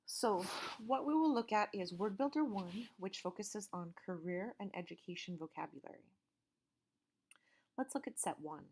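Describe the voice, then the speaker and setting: A woman teacher giving a recorded vocabulary lecture and reading word lists slowly, stressing each syllable with care. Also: medium pitch, expressive, darkish tone, husky. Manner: slow, careful pronunciation drills.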